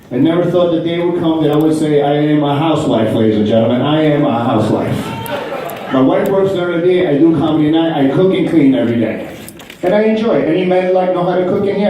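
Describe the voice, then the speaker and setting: A man's voice: a little high, quick pace, mellow, very echoey, far from the mic, slight background noise, low-quality recording. A man performing a brash, profane stand-up comedy set in a club, acting out other people's voices. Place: comedy club stage before a laughing audience.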